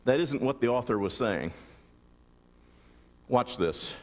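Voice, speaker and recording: A man's voice: mid-range voice, animated, slow, big-room sound. A man preaching a sermon as pastor, often asking the congregation rhetorical questions. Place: large church sanctuary.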